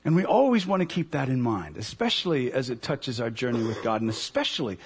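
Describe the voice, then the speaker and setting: A man preaching a sermon, animated and storytelling, acting out the voices of the people he talks about. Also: mid-range voice, a little fast, slightly rough. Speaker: pastor.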